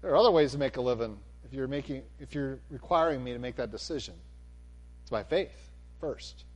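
A man preaching a sermon, animated, swinging from near-shouts down to a calm, low delivery. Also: a little fast.

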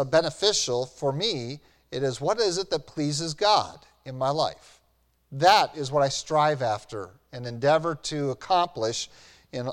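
A man preaching a sermon as pastor, earnest and building to animated emphasis. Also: fairly high pitch. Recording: long hall reverb.

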